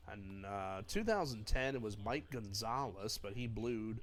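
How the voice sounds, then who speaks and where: A man's voice: fairly low pitch, animated, unhurried. A man giving casual commentary over his own baseball video game, rambling through memories with many fillers and sometimes snapping in frustration at the game. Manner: bursts of frustration and swearing at the game. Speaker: gamer narrating his own play.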